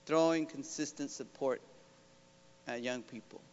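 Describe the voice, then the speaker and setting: A man's voice: mid-range voice, measured pace. A man from Oakland, a professor, giving a rallying talk to a community audience and often asking them "right?". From Oakland, California. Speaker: professor and guest speaker. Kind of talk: motivational public talk. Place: large school hall. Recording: dull recording with long hall reverb.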